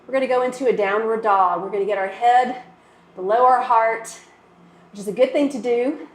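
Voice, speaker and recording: A woman's voice: a little high, normal speed, echoey room. A woman fitness instructor guiding a workout and stretch, coaching and encouraging as she goes. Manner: encouraging, coaching through moves.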